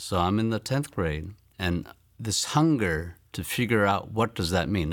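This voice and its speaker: A man in his fifties from the United States, telling his personal faith testimony in an earnest, reflective way and slowing down to stress key lines. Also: low-pitched, animated, no room sound, studio quality. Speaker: testimony speaker.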